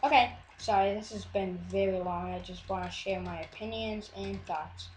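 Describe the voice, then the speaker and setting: A woman's voice: mid-range voice, fairly even intonation, moderate pace, reverberant, slight background noise. A woman chatting casually over her gameplay video, rambling and often cutting herself off. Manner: rambling, chatty, self-interrupting. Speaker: Minecraft video maker.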